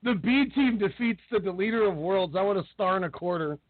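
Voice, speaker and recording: A man's voice: sits high, lively intonation, a little fast, no echo. A man co-hosting a wrestling podcast, chatting casually and telling rambling stories with frequent laughs. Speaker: podcast co-host. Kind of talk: casual chat. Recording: tinny phone-line call-in audio.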